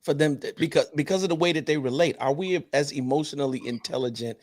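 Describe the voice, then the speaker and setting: A man hosting a casual conversation, emphatic and expressive, often repeating his words. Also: a little high, fast talker. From North Carolina. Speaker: podcast host. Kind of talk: casual chat.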